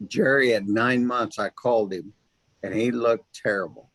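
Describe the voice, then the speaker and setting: A man hosting an interview, chatting casually and telling stories with lively restarts and asides. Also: mid-range voice, moderate pace, dry recording, rough recording. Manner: animated storyteller, self-interrupting restarts. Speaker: host.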